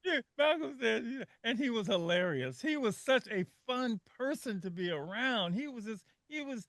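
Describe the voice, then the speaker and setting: Male co-host, high voice, dry studio sound, conversational. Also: lively intonation, moderate pace, a bit bright, no room sound. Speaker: radio co-host. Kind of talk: casual radio talk. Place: radio studio.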